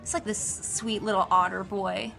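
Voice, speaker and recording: A woman's voice: medium pitch, moderate pace, a bit bright, soft background music. Chatty woman running a tabletop game. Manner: chatty, many fillers and restarts. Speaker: game master.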